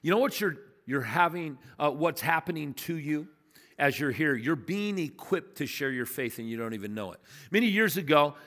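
A man's voice: on the high side, expressive, moderate pace, fairly bright tone, long reverb tail. A man preaching a sermon as pastor, emphatic and conversational, telling stories to his congregation. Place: church sanctuary.

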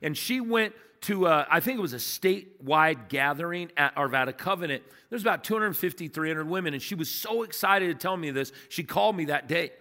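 Male pastor, somewhat high and bright, animated sermon style, long church reverb. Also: fairly quick, hardly any pauses. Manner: animated, emphatic, conversational preaching with storytelling. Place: church sanctuary.

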